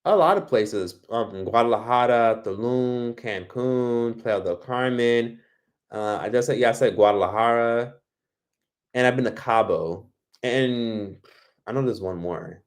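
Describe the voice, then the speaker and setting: A man's voice: mid-range voice, measured pace. A man from Miami hosting a casual livestream, reading comments and giving blunt, profane advice. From Miami, United States. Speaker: livestream host.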